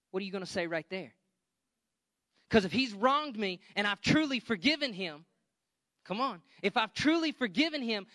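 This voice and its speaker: High bright-voiced preaching man. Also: no room sound. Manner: preaching with emphatic calls to the congregation. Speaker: pastor. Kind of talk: sermon.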